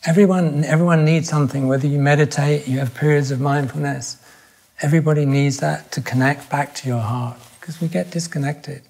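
An older man, a podcast guest speaking thoughtfully in reflective conversation, pausing and restarting his sentences. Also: fairly high pitch, fairly even intonation, creaky, darkish tone. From England.

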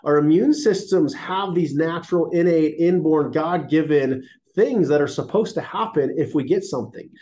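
A man's voice: a little high, normal speed, hardly any pauses, dark tone. A man in his thirties, a chiropractor giving a casual livestreamed health talk, sounding congested and nasal, folksy and enthusiastic, recorded on laptop and phone mics.

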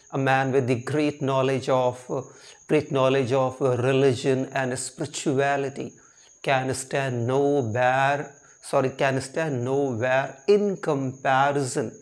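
Slow-paced male literature teacher, repetitive. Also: mid-range voice. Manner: repetitive, restarts phrases and spells out terms letter by letter. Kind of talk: lecture explaining a poem.

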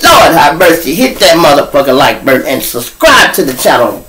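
A man runs his own live show, telling stories straight to his audience. His voice sits a little high for a man, and he swings from low mutters to sudden loud outbursts. He cusses freely all the way through. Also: big pitch swings, moderate pace, slight background noise, low-quality recording. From Chicago. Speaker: show host and storyteller. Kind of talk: casual monologue to a live audience. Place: home room.

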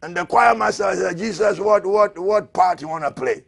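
A man preaching a fiery sermon as an apostle, who shouts, repeats his lines and laughs between them. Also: high-pitched, normal speed, creaky, a crowd in the background.

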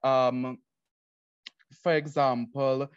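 A man's voice: mid-range voice, little pitch movement, extremely slow, smooth, no room sound. Young Trinidadian man, student presenter, earnest and explanatory, dull dry lo-fi sound. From Trinidad and Tobago. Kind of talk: academic presentation.

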